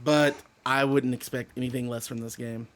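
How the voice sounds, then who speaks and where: A man giving excited, casual play-by-play commentary on a wrestling video game he is playing, shouting at the big moments. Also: mid-range voice, moderate pace, noisy background. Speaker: gamer commentating his own matches.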